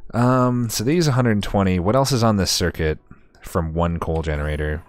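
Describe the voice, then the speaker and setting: A man's voice: sits low, moderate pace, dry recording. A man streamer giving casual gameplay commentary, chatty and sarcastic with himself, swearing often.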